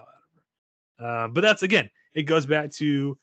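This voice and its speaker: A man's voice: on the high side, lively intonation, a little slow, bright, forceful tone, no room sound. A man in his thirties co-hosting a casual podcast chat, joking and rambling with many restarts. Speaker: podcast co-host.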